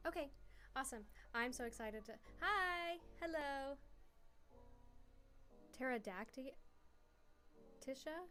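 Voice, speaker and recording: A woman's voice: high voice, normal speed, pauses often, a bit bright, soft background music. A woman streamer chatting casually from a small room at home, giggly and rambling, with many fillers. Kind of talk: casual livestream chat.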